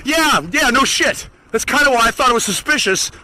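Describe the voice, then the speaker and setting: Male solo ranter, furious and foul-mouthed, vocoder effect, sharp tone. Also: extremely high pitch, a little fast, poor audio. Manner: angry, profane, swearing constantly. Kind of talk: solo ranting monologue.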